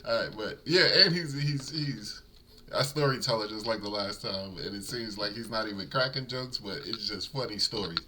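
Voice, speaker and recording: A man with a lowish, bright, sharp voice hosts a reaction video. He talks casually to his viewers and breaks off with apologetic asides, over a faint hiss. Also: normal speed.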